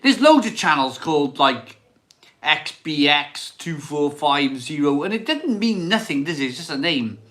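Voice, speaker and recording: A man's voice: a little high, very animated, moderate pace, a bit bright. A man, hosting a casual live stream, chatting and reading out viewer comments, rambling and repeating himself. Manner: chatty, rambling, repeats phrases, laughs often. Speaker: beer channel host reading live chat.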